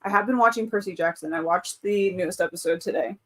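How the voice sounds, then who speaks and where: A woman's voice: medium pitch, quick pace. Brief: woman, 30s, livestream host, casual and chatty, mid-range voice. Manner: chatty, reads out chat comments, frequent laughs. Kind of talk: casual live-stream chat.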